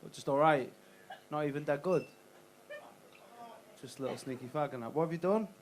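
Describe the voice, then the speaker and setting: A man's voice: on the high side, brisk. A young man doing a stand-up set in a comedy club, bantering cheekily with the crowd and swearing freely.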